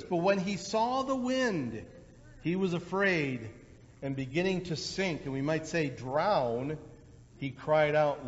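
Preaching pastor, man, fairly high voice, conversational sermon, dull lo-fi recording with long hall reverb. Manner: conversational preaching, animated when voicing quotes.

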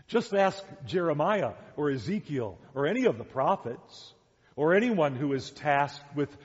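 A man's voice: fairly high pitch, breathy edge. A man preaching a sermon as pastor, emphatic and full of rhetorical questions, heard in a dull echoey church hall recording.

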